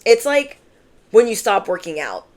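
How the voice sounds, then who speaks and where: Woman tarot reader, chatty and emphatic, average pitch. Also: big pitch swings, normal speed, a little mellow. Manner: emphatic, conversational, fillers. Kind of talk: channeled tarot reading.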